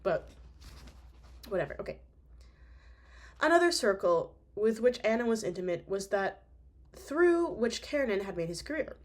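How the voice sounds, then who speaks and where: Young woman reading a novel out loud, mid pitch, drops slangy chatty asides. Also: sing-song, normal speed, long pauses. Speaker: audiobook reader.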